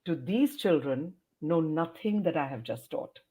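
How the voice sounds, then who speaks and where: A woman's voice: low-pitched, animated, measured pace, mellow. A woman educator answering interview questions, explaining points emphatically like a teacher and sounding out words. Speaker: educator and trainer, interview guest.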